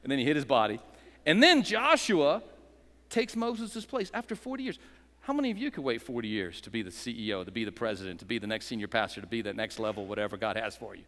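Brief: a male pastor with a bright, forceful voice, preaching a rousing sermon with a long hall reverb. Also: medium pitch, sing-song, fast talker. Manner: dramatic, rousing, call-and-response with joking asides.

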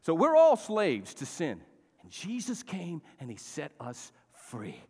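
A man's voice: on the high side, wildly swooping pitch, slow pace, mellow, husky. A middle-aged man preaching a sermon in a church, exhorting his congregation and calling for responses. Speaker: pastor. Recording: long reverb of a church hall.

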